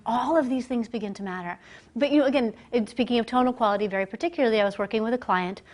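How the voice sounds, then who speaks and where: A woman working as a communication coach, giving a lively, conversational business presentation to a group and acting out the voices she quotes. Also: on the high side, racing. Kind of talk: live business presentation to an audience. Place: presentation room, speaking standing before a group.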